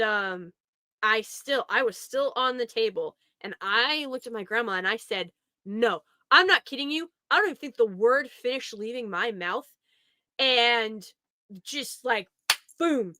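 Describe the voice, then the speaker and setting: A woman's voice: a little high, bright, forceful tone, dry recording, clean studio sound. A young woman telling a family story in a casual, rambling way, often laughing as she talks. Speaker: podcast host.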